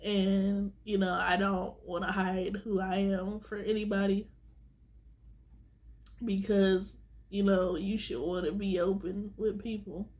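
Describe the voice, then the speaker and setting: A woman's voice: medium pitch, flat delivery, slow pace, darkish tone. A woman vlogger talking straight to her viewers in a casual monologue, earnest and teary, repeating herself for emphasis.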